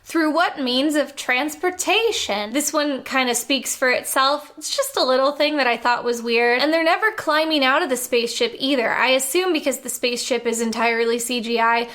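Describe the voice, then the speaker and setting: A woman with a notably high voice picks apart a movie point by point. Her delivery is wry and sarcastic, loose and chatty, peppered with "like." It sounds like a casual countdown critique video. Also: fairly quick, hardly any pauses, fairly bright tone. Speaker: film critic.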